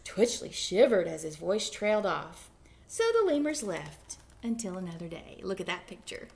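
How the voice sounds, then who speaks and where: A woman, a children's librarian, reading picture books aloud at a preschool story time, slow and expressive with playful asides. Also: lowish voice, creaky.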